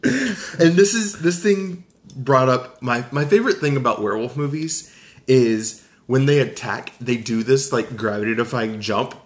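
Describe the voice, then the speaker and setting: A man with a Southern US accent recapping a film in casual podcast chat, animated and jokey. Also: mid-range voice, measured pace. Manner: animated, jokey, acts out quotes. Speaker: podcast co-host.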